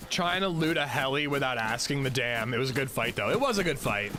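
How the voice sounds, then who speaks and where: Lively chatty man streaming a game. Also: medium pitch, a little fast, noisy background. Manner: rambling, chatty, self-mocking. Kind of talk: casual livestream chat.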